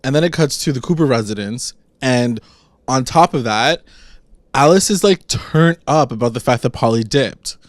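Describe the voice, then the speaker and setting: A man's voice: mid-range voice, lively intonation, normal speed, dry recording. Slangy laid-back guy recapping a show. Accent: Canadian. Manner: laid-back slangy retelling with acted-out quotes. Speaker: podcast co-host. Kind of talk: casual recap chat.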